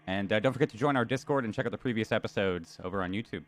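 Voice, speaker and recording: A man's voice: on the low side, rapid-fire. A man signing off a livestream as co-host in an upbeat manner. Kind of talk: stream sign-off.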